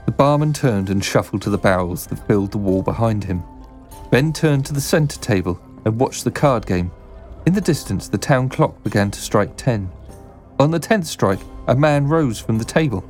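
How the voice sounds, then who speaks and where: A man reading a fantasy story aloud in a steady, descriptive storybook narration. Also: medium pitch, normal speed, faint music behind.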